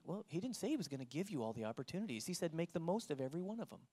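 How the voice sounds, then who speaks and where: A pastor preaching a sermon to a live church congregation, moving between loud emphasis and hushed tones and putting direct questions to the listeners. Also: mid-range voice, sing-song, rapid-fire.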